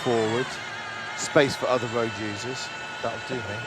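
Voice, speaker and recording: This car reviewer host has a medium-pitched, steady, unhurried voice as he drives and talks in a chatty, self-mocking way. Loud car and traffic sounds fill the recording, made inside a car and on a town street.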